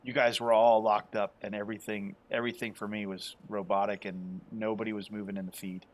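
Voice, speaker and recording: A man running a tabletop game online as game master, joking and animated. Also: on the low side, fairly quick.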